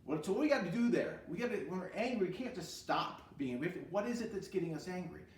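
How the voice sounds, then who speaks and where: A man teaching an e-learning music therapy lesson for children, animated, asking questions and answering them himself, now and then singing short lines. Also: high voice, fast, reverberant, recorded from a distance, slight background noise.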